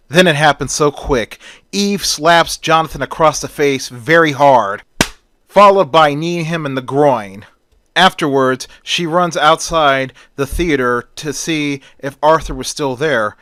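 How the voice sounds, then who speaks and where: Casual male storyteller, smooth tone, dry close sound. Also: a little high, unhurried, fairly bright tone, dry recording. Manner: strings events with "and then".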